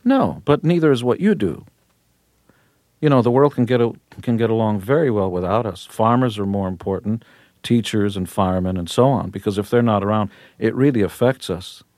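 A man's voice: lowish voice, a little fast, a little mellow, no room sound. A man in his fifties, a rock musician guest on a radio interview, talking in a brash, boastful and punchy way from a studio.

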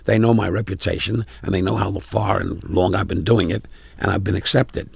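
An older man in his eighties with a New York accent, a comedian telling brash stories in an interview and getting loud at the punchlines. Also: deep voice, fairly even intonation, brisk, dry recording. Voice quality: gravelly. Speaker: comedian guest. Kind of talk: interview anecdotes.

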